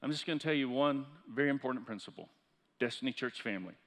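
A pastor preaching a sermon in a church, building up to loud, impassioned peaks. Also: male voice, mid-range voice, fast talker. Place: church sanctuary. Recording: church hall reverb.

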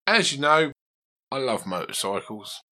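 A man's voice: medium pitch, sing-song, measured pace, bright, forceful tone. A man teaching a guitar lesson, chatting and asking his student questions as he coaches. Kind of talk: conversational one-to-one lesson.

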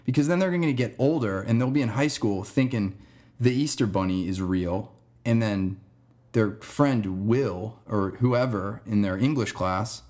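A young man tells a story on his podcast in a loose, rambling way. His voice sits a little low and stays relaxed, with plenty of "dude" and "man" along the way. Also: measured pace. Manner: rambling, laid-back, says "dude" and "man" a lot. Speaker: podcast host. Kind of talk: casual storytelling monologue.

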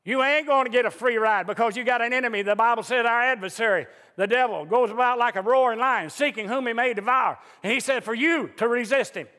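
Fervent male preacher with a very high, forceful voice, recorded in an echoey church hall. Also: fairly quick, few pauses. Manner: fervent, emphatic preaching with rising outbursts. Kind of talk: sermon.

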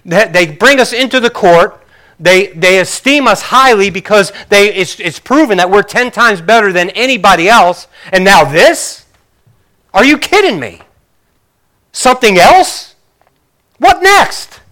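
Man acting out exasperated complaining man, high strained voice, loud, whiny, incredulous. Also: animated, a little slow, exaggerated voice. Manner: whiny, incredulous, raising his voice.

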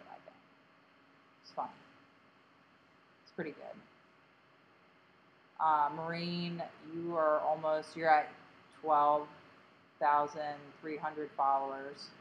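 A woman's voice: sits low, a little hiss or hum, low-quality recording. A woman from Delaware County co-hosting a casual podcast, rambling with lots of fillers and a grating, self-mocking tone. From Delaware County, Pennsylvania. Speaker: podcast co-host.

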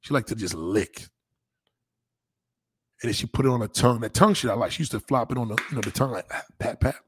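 A man's voice: medium pitch, fast, breathy edge, no echo, clean studio sound. A man hosting a casual streamed chat, talking in a crude, rambling way full of street slang. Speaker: host.

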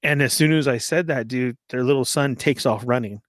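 A man's voice: mid-range voice, fairly quick, no echo, studio quality. A man casually telling a long story, laughing often and acting out what people said. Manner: animated, laughs often, acts out quoted voices.

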